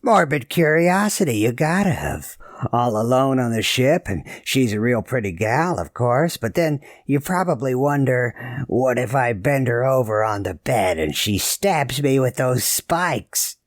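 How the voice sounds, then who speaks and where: A man's voice: mid-range voice, sing-song, measured pace, no echo, studio quality, voice pushed up. A man playing a brash male ship's captain who needles and teases his crew. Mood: needling. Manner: sly, needling, suggestive.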